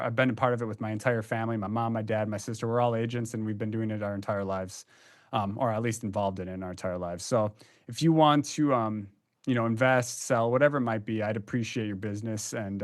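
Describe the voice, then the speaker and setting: A young man co-hosting a casual podcast, talking loosely with plenty of ums and restarts. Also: on the low side. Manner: chatty, loose, many fillers. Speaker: podcast co-host.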